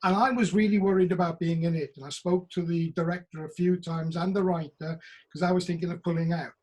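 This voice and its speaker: On a video call, a middle-aged Welsh actor speaks a little fast, his husky, fairly high voice a touch mellow and his intonation fairly even. He recounts stories with animation and puts on other people's voices to quote them.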